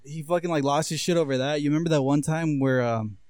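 A young man rattles through a story at a quick clip, swearing freely and acting out everyone's lines. His voice sits a little high. The recording is dry and close. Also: darkish tone, no room sound. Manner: fast, profane, acts out voices in quotes. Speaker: podcast co-host. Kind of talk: casual storytelling chat.

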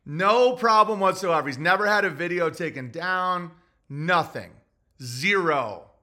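High, bright-voiced man ranting profanely. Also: normal speed. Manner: profane, agitated ranting with restarts and mock voices. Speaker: podcast host. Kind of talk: rambling commentary monologue.

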